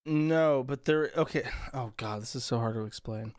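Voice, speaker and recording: A man in an easygoing podcast chat, his voice in the middle of the usual pitch range. He tells stories in a profane, sardonic way. The audio is dry and close, with no room sound. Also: normal speed, darkish tone, no room sound. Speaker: interview guest. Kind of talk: casual podcast conversation.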